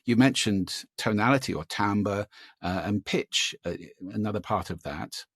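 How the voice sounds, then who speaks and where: Gravelly, husky man explaining with animation. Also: fairly low pitch, unhurried, no echo, studio quality. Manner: animated, demonstrative, gives vocal examples. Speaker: guest, speaker on voice and listening. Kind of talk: explanatory interview answers.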